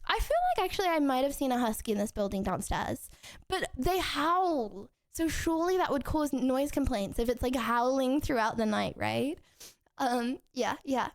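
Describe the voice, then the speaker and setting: A woman's voice: sits high, lively intonation, moderate pace. A young woman streamer chatting casually with her viewers from home, rambling and giggling, with lots of restarts.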